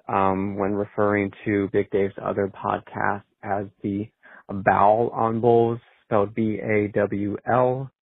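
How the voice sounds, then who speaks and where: A man's voice: lowish voice, creaky, husky, no echo. A man calling in to a podcast with a hesitant question, full of ums. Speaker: caller. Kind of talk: phoned-in question. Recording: tinny phone line.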